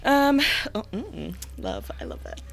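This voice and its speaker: A woman's voice: on the high side, very animated, a little slow, gravelly. A young woman co-hosting a casual podcast who laughs often, teases, and swears freely. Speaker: podcast co-host. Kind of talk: casual chat.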